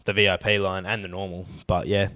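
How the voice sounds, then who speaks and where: A man's voice: low voice, little pitch movement, brisk, bright, forceful tone. A man co-hosting a podcast, rambling in casual chat, swearing and tacking "bro" onto his sentences. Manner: rambling, says "bro" a lot, profane. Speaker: podcast co-host.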